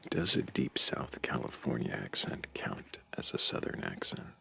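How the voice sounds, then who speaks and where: Male livestream host, gravelly fry, playful and chatty with the audience. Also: a bass voice, very animated, normal speed, bright, forceful tone, whispered, faint music behind. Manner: playful, riffing on accents and tongue twisters. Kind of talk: casual livestream chat, reading chat comments.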